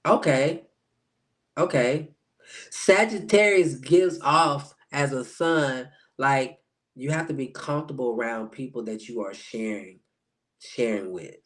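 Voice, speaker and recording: A chatty man in a casual live-stream astrology talk. He answers viewers by name and acts out the reactions he quotes. His voice sits at an ordinary middle pitch. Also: slow, fairly bright tone. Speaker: spiritual life coach.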